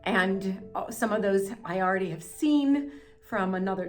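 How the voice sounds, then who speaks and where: An American woman films herself on a handheld camera in an indoor cellar, narrating a casual vlog in a mid-range, animated voice at normal speed. She's emotional, rambling and apologetic, with soft music in the background.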